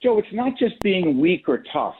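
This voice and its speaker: A man appearing as a guest on a radio show, speaking earnestly and pressing his point in a measured way. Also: sits high, big pitch swings, crowd noise. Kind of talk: talk radio interview. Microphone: phone. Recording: tinny phone line, dry.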